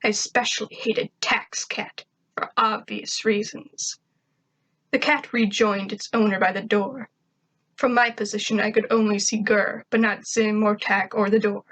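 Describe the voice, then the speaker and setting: A woman's voice: medium pitch, steady tone, unhurried, a bit bright, rough recording. A woman reading a first-person fan fiction story aloud in a wry, conversational way. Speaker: narrator.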